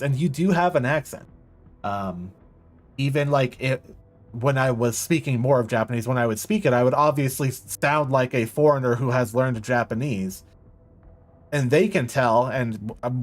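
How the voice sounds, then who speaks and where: A male streamer talks casually over his game at an average pitch. He rambles, stops and restarts, and fills gaps with ums. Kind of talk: casual live-stream commentary.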